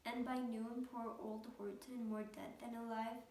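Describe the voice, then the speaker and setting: A woman's voice: a little high, level tone, unhurried, a little mellow. Woman, storybook reader, rhythmic rhyming delivery, far from the mic, faint room noise. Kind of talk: reading a picture book aloud. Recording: echoey room, mic at a distance.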